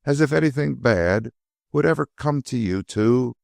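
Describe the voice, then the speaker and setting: A man's voice: medium pitch, expressive, normal speed, gravelly, no echo, studio quality, voice pushed up. A man voicing an older, loving working-class female servant who talks in homely, ungrammatical speech. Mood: doting.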